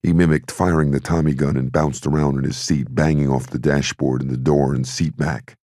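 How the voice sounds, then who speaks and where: A man narrating an audiobook in a steady, measured way. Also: very deep voice, no room sound, studio quality. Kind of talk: scripted narration.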